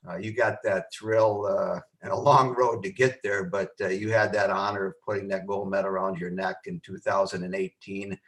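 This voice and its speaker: Older man, lowish voice, measured congratulatory remarks from a former coach over a video call. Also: level tone, poor audio. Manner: measured, warm-hearted, halting with fillers.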